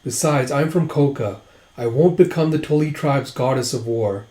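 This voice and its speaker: A man's voice: mid-range voice, moderate pace, warm tone, close to an everyday voice. A man quoting an earnest, stubborn young princess while retelling a story in a roomy space. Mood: defiant. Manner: quoted in a casual retelling. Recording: roomy echo.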